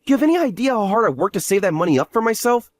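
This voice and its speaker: A man's voice: high-pitched, very animated, racing, no room sound, clean studio sound, faint music behind. An actor voicing a scheming young man who scolds his sister in an exasperated way in a voiced story drama. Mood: angry.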